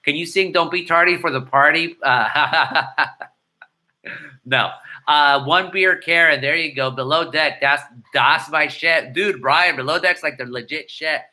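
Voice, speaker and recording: A middle-aged man, casually answering viewer comments with irreverent, rapid-fire banter and slipping between Spanish and English. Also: a little high, sharp tone. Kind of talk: casual live-stream chat.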